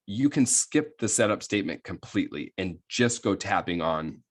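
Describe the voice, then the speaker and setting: A man's voice: low-pitched, lively intonation, normal speed. A man coaching on self-sabotage in a casual, rambling talk full of fillers and "right?" checks, sometimes coarse and plain-spoken. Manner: rambling, many fillers and tag questions.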